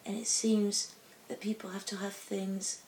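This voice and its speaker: A woman's voice: medium pitch, flat delivery, measured pace, a little mellow, roomy sound, distant mic, a little hiss or hum. A woman singer-songwriter answering interview questions casually and hesitantly, often searching for her words.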